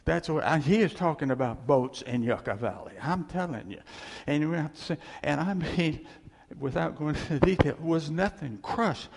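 A man's voice: on the high side, moderate pace, vocal fry, husky, in a large hall. A man preaching a sermon in an earnest, conversational way, often repeating phrases for emphasis.

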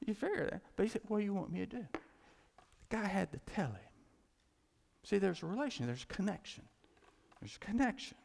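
A man preaching a sermon as pastor, animated, swinging from loud cries to quiet asides. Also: sits high, fairly quick, vocal fry, long pauses. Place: church. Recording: long hall reverb.

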